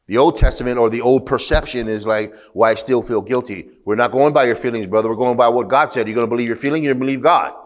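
A man preaching a sermon as pastor, talking conversationally with asides and rising to emphatic bursts. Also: mid-range voice.

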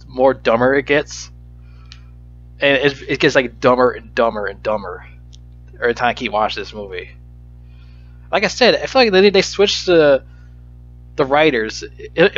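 A man's voice: medium pitch, a bit bright. Profane, exasperated man ranting. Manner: profane, exasperated, stammering restarts. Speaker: movie reviewer. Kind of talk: ranting movie review. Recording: dull lo-fi recording with faint music.

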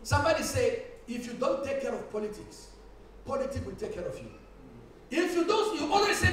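Male pastor, sermon delivery with shouted builds and laughs; distant mic, heavy church echo, faint hiss. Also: extremely high pitch, big pitch swings, moderate pace. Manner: preaching with rising shouts and laughter, repeating phrases. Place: church hall. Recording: echoey church hall from far off, faint hiss.

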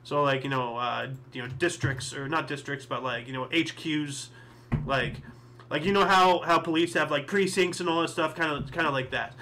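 A man's voice: a little high, normal speed, bright, forceful tone, a little hiss or hum. A man hosting a history show, reading dates and thinking aloud in casual solo commentary with many fillers and asides.

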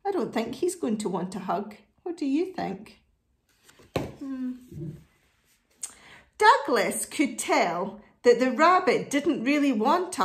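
A woman reading a picture book aloud to children, animated and asking her listeners questions. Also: high-pitched, roomy sound. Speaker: storybook reader.

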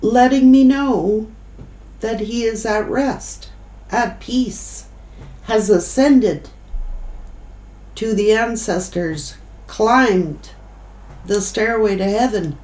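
Emotional woman doing a slow tarot reading. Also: on the high side, darkish tone, roomy sound, poor audio. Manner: emotional, choked up, pausing. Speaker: tarot reader.

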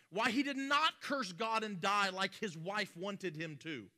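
A male pastor preaches a sermon conversationally, making joking asides and restarting often. His voice is high, pushed and bright.

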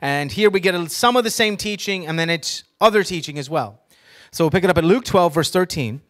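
A man's voice: sits high, animated, brisk, fairly bright tone. A man preaching a sermon to a congregation, reading scripture with emphasis and teaching by asking the audience questions, with joking asides. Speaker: pastor.

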